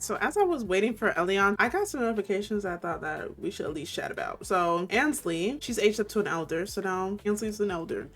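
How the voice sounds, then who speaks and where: Chatty woman playing a life-sim game. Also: medium pitch. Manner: chatty and excitable, laughs often. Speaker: gaming video host. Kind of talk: casual let's-play commentary.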